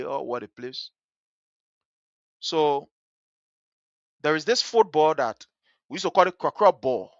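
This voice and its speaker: A man's voice: on the high side, no room sound. Impassioned Liberian man, muffled dry sound. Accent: Liberian English. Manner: impassioned, swings from hushed to loud; vivid, story-driven. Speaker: talk show host. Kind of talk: animated radio commentary with storytelling.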